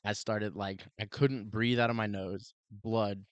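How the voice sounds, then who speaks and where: A man co-hosting a podcast, telling a story in a casual, animated way, full of "like" and "dude" and acted-out quotes. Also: on the low side, measured pace, no room sound, muffled recording. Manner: animated, heavy use of "like" and "dude", acts out quotes. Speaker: podcast co-host, police officer.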